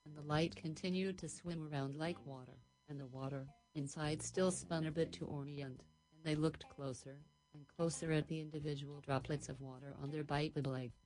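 A woman tells an improvised story on the radio, her voice pitched low. She rambles dreamily from one long sentence into the next. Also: steady tone, moderate pace, hardly any pauses, darkish tone, poor audio.

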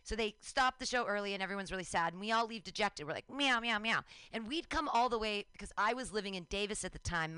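A woman in her forties telling a lively personal story on a radio talk show, acting out her own shouts and cheers. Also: medium pitch, clean tone, no room sound.

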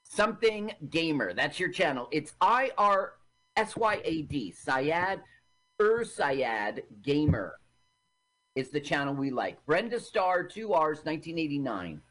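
A man's voice: on the high side, big pitch swings, fairly bright tone. A man co-hosting a casual radio podcast, offhand, spelling out search terms step by step. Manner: offhand, spells things out slowly. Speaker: podcast co-host and curator. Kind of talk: casual chat.

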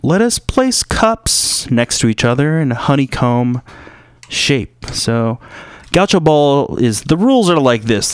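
A man hosting a radio show, rambling through a joking monologue full of fillers and sudden loud put-on voices. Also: medium pitch, sing-song, slow, clear, resonant tone, no room sound, clean studio sound. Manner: rambling, jumps into loud shouted impressions; filler-heavy, loose and joking.

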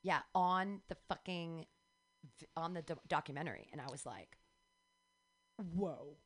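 A middle-aged woman hosting a casual chat, telling frank stories in an animated way, with faint noise behind. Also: low voice, moderate pace. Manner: candid, animated storytelling with acted quotes.

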